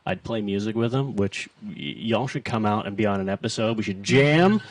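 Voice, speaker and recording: A man's voice: lowish voice, animated, normal speed, no echo, recorded from a distance, faint music behind. A man hosting his first live stream from a home studio, chatty, self-deprecating and a bit nervous. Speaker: host. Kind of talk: casual live stream chat.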